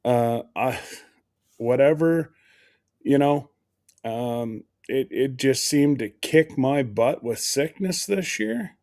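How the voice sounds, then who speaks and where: Slow, rambling livestream host. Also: mid-range voice, animated, a little mellow. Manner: rambling, laughs often, greets viewers by name. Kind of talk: casual livestream chat.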